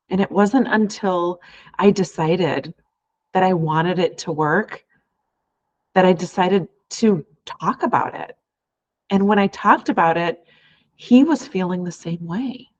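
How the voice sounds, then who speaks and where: A woman in her thirties hosts her own podcast as a life coach, speaking in a heartfelt, earnest monologue that runs in long, flowing sentences. Her voice sits fairly low for a woman, and the recording sounds slightly dull and lo-fi.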